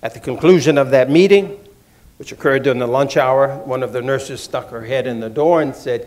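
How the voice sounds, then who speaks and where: A man with a voice of ordinary middle pitch, addressing an audience about his own past. He speaks in a measured, deliberate way and builds emphasis through repeated phrases. He grew up in Washington, D.C. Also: darkish tone. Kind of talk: measured personal talk to an audience.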